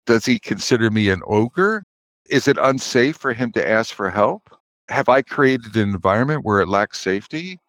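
A man's voice: mid-range voice, a bit bright, no room sound. A man who coaches leaders, giving a conversational interview answer and explaining with examples and acted-out quotes. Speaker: guest author and leadership coach.

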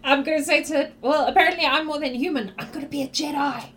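A woman's voice: high-pitched, fast talker, a bit bright, slight background noise. A woman playing a tabletop game, bubbly and playful as she acts out her character. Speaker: player.

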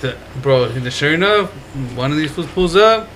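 A young man co-hosting a podcast, telling stories in a slangy, profane, animated way. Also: on the high side, normal speed, a little hiss or hum, low-quality recording. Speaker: podcast co-host. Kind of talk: casual chat, storytelling.

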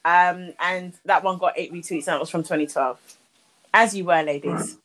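A woman's voice: on the low side, a little fast, a bit bright, rough recording. A woman co-hosting a casual podcast, reading posts aloud with wry, matter-of-fact asides. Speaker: podcast co-host.

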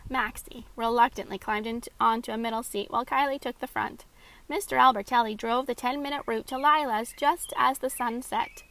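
Kobieta czytająca opowiadanie, chropawo. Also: female voice, a little high, steady tone, a little fast, a bit bright, poor audio. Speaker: author reading her story. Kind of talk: storybook reading.

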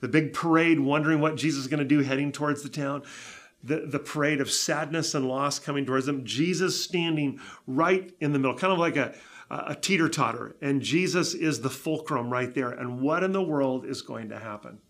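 A man preaching a sermon, retelling a scripture story with lively acted-out crowd reactions. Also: fairly high pitch, brisk. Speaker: pastor.

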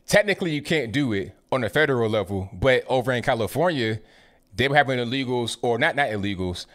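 A man with a mid-pitched voice hosts a call-in show, taking calls in a relaxed, conversational way. He stumbles and restarts now and then but keeps things moving. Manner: casual and conversational, some stammered restarts. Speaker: talk show host.

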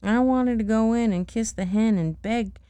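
A woman's voice: fairly high pitch, moderate pace, mellow, clean tone, no room sound, voice pushed up, close to an everyday voice. A woman voicing a tearful little girl in a bedtime story, pleading for forgiveness.

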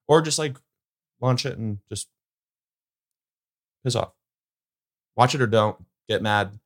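A young man hosting a casual solo podcast, rambling and opinionated, with lots of fillers. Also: lowish voice. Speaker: podcast host.

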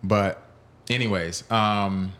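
A man's voice: fairly low pitch, steady tone, slow, a bit bright. A man hosting a solo podcast on fighting sports, reading chat and ranting in a heated, profane way. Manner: heated, profane ranting, voice rising when upset. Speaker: podcast host. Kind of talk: solo MMA podcast, reacting to chat and clips.

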